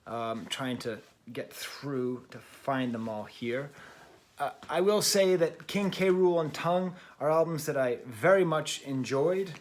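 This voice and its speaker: A middle-aged man with a fairly high-pitched voice hosts his music review show off the cuff. He rambles in a chatty, self-deprecating way, with plenty of ums and little restarts along the way. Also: lively intonation, measured pace. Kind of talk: casual unscripted video talk.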